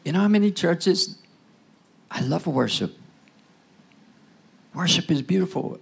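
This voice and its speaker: A man preaching with a gravelly, husky voice that sits a little high for a man. He talks to the congregation like a conversation, checking in with short asides, then swings from loud, pointed bursts down to near-whispers. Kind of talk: sermon.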